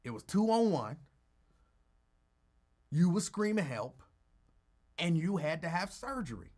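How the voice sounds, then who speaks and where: A male radio talk host spins a story in a casual, teasing voice, with a pitch that swings widely up and down. He dramatizes the moments and lingers on them for effect. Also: unhurried. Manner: animated, teasing, acts out quotes.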